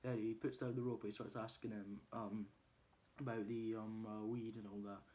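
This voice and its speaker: A man's voice: fairly low pitch, level tone, normal speed, warm tone. Hesitant man retelling a film plot. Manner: hesitant, many ums and uhs. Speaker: movie reviewer.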